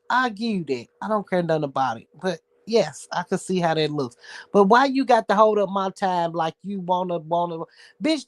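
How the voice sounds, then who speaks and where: High-voiced man, sassy profane rant. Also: animated, moderate pace, no room sound. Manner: blunt, profane, sassy ranting. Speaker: show host. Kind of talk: casual livestream rant.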